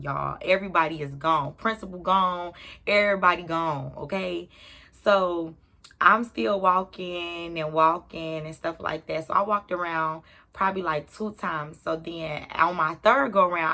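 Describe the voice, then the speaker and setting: A young adult woman telling a personal story to her viewers in an animated, chatty way. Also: low-pitched. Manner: animated, talks straight to viewers. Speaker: YouTuber. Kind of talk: storytime vlog.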